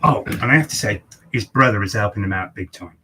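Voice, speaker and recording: Sweary barber spinning a yarn. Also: male voice, fairly low pitch, fairly quick, pushed and bright, a little hiss or hum, low-quality recording. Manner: swears freely, rambling storyteller. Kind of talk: casual chat, telling a story while cutting hair. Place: barber shop, indoors.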